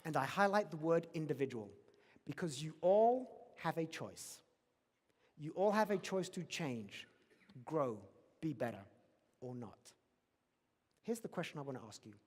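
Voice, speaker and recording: A man's voice: a little high, big pitch swings, unhurried, pauses often, a little mellow. A man giving a motivational conference keynote, emphatic and repeating his key questions. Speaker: keynote speaker. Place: large conference hall. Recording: long reverb of a large hall.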